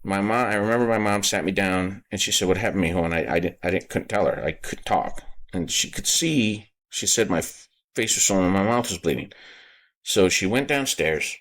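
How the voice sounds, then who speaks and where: A man hosting a podcast, telling a personal story in a halting way, repeating words and getting choked up. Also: sits low, fairly bright tone. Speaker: podcast host.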